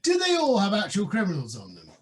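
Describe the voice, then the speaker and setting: Lively high-voiced podcast host. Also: male voice. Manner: sweary, joking, quick to laugh. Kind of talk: casual chat over wine.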